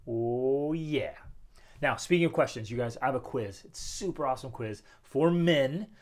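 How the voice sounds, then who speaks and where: A man's voice: medium pitch, moderate pace. A man in his thirties hosting a motivational talk at home, speaking emphatically and posing rhetorical questions. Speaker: host. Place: home with children playing nearby.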